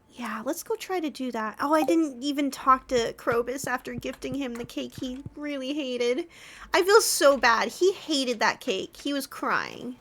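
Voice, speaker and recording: A woman's voice: high voice, a bit bright, a little hiss or hum. A woman streaming a farming game from home, chatting playfully with her viewers and the game's characters. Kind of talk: casual gameplay chat with viewers.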